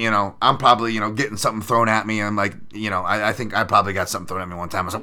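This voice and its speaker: A man's voice: on the low side, flat delivery, rapid-fire, hardly any pauses, bright, forceful tone. A man hosting a betting show, giving sarcastic, profane commentary on upcoming fights. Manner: crude, profane, sarcastic banter. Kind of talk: sports betting podcast commentary.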